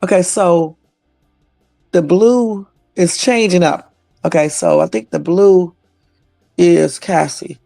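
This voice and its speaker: A man's voice: high voice, slow pace, creaky, pauses often, dark tone, dry recording, faint music behind. A man hosting a casual livestream reaction, chatty and swearing freely as he talks at his desktop computer. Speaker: livestream host.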